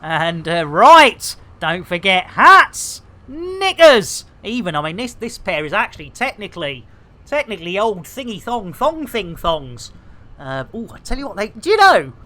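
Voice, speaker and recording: A woman's voice: fairly low pitch, big pitch swings, moderate pace, bright, forceful tone. A woman streaming a space game live, rambling through bawdy jokes and banter. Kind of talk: casual live gameplay commentary.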